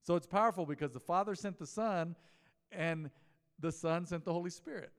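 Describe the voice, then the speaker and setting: A man's voice: high-pitched, normal speed, long reverb tail. A man preaching a mid-week sermon as pastor, in a conversational style, telling stories and asking the congregation questions. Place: church sanctuary.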